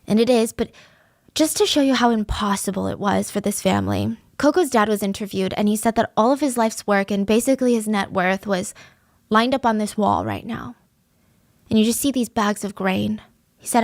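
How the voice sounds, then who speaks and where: A woman's voice: medium pitch, moderate pace, dry recording, clean studio sound. Chatty woman telling a crime case. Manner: conversational, animated asides, raises voice for quoted lines. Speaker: true crime podcast host. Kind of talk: casual storytelling narration.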